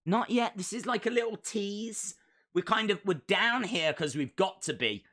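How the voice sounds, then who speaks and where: A man's voice: high-pitched, expressive, normal speed, fairly bright tone. A man hosting a live stream and rambling in a jokey way while he answers chat comments. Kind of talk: casual live watch-along chat.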